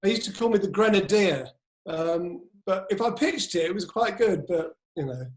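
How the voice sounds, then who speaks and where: A high-pitched man chats wryly and pokes fun at himself as a panel guest. His voice rings with a clear room echo. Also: lively intonation, normal speed. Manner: self-mocking, wry. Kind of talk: casual panel chat. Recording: roomy echo.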